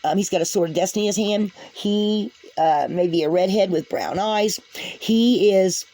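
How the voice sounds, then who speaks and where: A woman's voice: medium pitch, moderate pace, mellow, poor audio. Woman, tarot reader, chatty, laughs often, speaks directly to viewers. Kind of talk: casual spiritual reading to camera.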